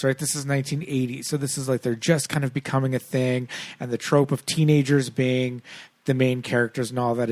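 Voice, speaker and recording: A man co-hosting a casual podcast chat, animated and laughing often, with lots of fillers. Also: medium pitch, no room sound. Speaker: podcast co-host.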